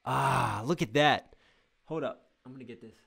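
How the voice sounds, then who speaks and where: A young man hosting a live music reaction stream, reading chat aloud, breaking into shouts and explaining rhyme schemes. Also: mid-range voice, moderate pace.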